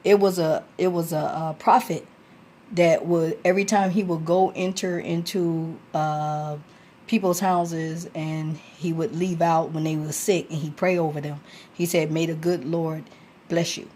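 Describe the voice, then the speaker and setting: A woman's voice: low voice, fairly even intonation, measured pace, warm tone, slight background noise. A woman in casual late-night talk about scripture, rambling with many fillers and restarts.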